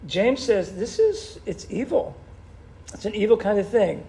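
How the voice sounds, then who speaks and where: A man preaching a sermon in an animated, conversational way, with a gravelly voice. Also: high-pitched, measured pace. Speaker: pastor.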